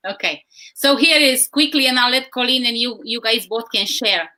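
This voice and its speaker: A woman's voice: a little high, normal speed, bright, forceful tone. A woman speaking earnestly in a live discussion, often repeating words as she thinks. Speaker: guest speaker.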